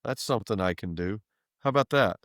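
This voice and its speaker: Loud, booming man on a podcast. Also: a little fast, no echo, studio quality. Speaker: podcast co-host. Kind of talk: casual chat. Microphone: podcast microphone.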